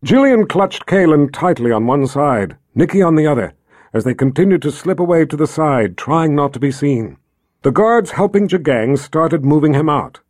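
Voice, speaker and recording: A man reading a fantasy novel aloud in a steady, measured narration. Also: on the high side, no echo, studio quality. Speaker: audiobook narrator.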